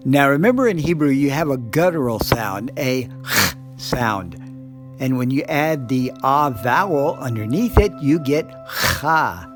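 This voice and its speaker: A man teaching Hebrew pronunciation, sounding out syllables slowly and carefully. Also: medium pitch, animated, music in the background. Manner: slow, careful enunciation. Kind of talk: explaining pronunciation.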